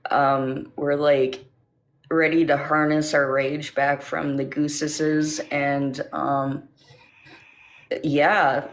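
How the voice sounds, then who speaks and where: A man from Canada calling into a talk show, trading deadpan jokes in casual chat. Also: fairly high pitch, extremely slow. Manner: joking, deadpan. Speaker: caller.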